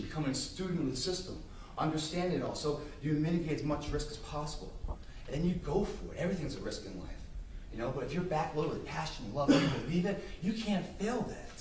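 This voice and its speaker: An intense motivational speaker, a man with a fairly high voice, pressing his points hard and swearing freely. He is caught from a distance in a roomy hall, with faint ambience behind him. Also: lively intonation, brisk, a little mellow, slight background noise. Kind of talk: motivational speech to business students.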